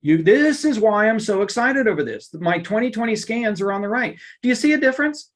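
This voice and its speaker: Middle aged guy doing a work webinar, punchy and animated, repeats stuff for emphasis. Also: sits high, fairly quick. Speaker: workplace trainer and coach. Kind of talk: live online lunch-and-learn presentation.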